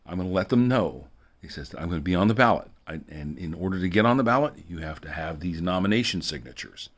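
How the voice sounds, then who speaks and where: Low-voiced rambling man vlogging. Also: animated, fast talker. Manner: rambling, repetitive, chuckling asides. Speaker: video blogger. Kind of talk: rambling monologue vlog.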